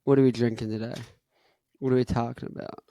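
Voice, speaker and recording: A man's voice: medium pitch, flat delivery, fast talker, dark tone, no echo. A young man hosting a casual podcast, rambling in laid-back slang and chuckling between thoughts. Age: young adult. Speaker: podcast host. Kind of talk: casual chat.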